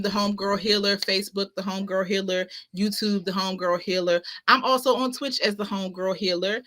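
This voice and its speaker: Emphatic woman host, bright crisp tone, slangy motivational livestream talk, repeats herself for emphasis. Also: medium pitch. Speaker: host of a spiritual talk show. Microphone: ring light setup, webcam-style stream.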